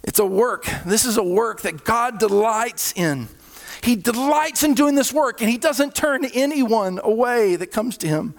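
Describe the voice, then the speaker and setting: A male pastor preaching a sermon, with sudden swells in volume and hushed, slowed drops. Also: extremely high pitch, animated. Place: church hall. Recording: reverberant hall.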